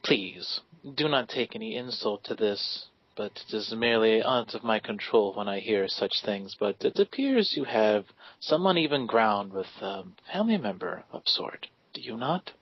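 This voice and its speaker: A man voicing a stiff, elegant gentleman in a sharp suit who speaks with formal, servile politeness. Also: fairly low pitch, lively intonation, moderate pace, few pauses, no echo. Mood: smooth. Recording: dull, lo-fi sound.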